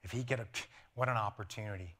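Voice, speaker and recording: Animated man preaching a sermon. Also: fairly low pitch, fast talker. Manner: animated, laughing, acting out voices. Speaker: pastor. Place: church.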